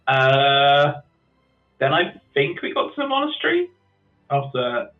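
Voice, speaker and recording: Over a tinny, phone-like voice call with faint music behind, a man recaps the last tabletop game session in casual chat. His medium-pitched voice swings hugely in pitch and moves slowly, hesitant and full of ums and restarts.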